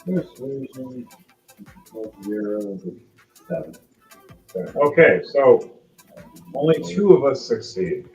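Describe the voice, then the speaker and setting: A man narrating as game master in a relaxed, conversational way, with quick asides to the players. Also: mid-range voice, faint music behind, low-quality recording.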